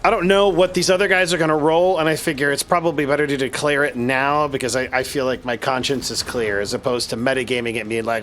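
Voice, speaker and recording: A man's voice: medium pitch, steady tone, quick pace, few pauses, fairly bright tone, slight background noise. A man playing in an online tabletop game, chatting casually, laughing often and explaining the rules. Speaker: player.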